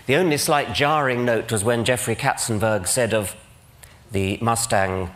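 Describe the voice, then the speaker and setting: An older Englishman addresses a big auditorium audience in a measured, mid-pitched voice. His delivery is precise and crisp, with a dry, ironic edge. It sounds like a formal public talk given from a stage. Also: fairly even intonation, fairly bright tone. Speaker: conference speaker. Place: large auditorium with live audience.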